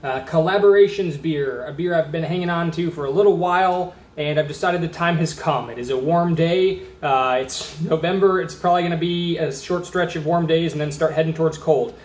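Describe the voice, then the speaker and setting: A man's voice: fairly high pitch, fairly quick, hardly any pauses, darkish tone. A man from Austin, Texas, chatting casually through a beer review at a table, rambling and reading labels aloud. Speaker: beer reviewer, channel host. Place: indoors at a table. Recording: roomy echo.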